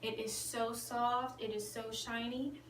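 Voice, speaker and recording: A woman vlogging in a gushing, excited way about her hair, now and then dropping to a whisper. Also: a little high, a little slow, roomy sound, recorded from a distance, a little hiss or hum, rough recording. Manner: gushing, animated, drops to whispers. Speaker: beauty vlogger. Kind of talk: excited casual vlog chat.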